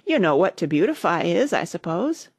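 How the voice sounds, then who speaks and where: A woman voicing a gruff, impatient male gryphon in a storybook reading, curt and scolding. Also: lowish voice, big pitch swings, moderate pace, dry recording, clean studio sound, full character voice.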